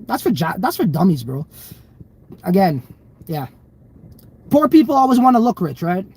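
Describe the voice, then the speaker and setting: A man's voice: sits high, big pitch swings, normal speed, darkish tone, slight background noise. A man hosting a casual livestream, reading viewer comments aloud and rambling loosely with frequent swearing and laughter. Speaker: crypto livestream host.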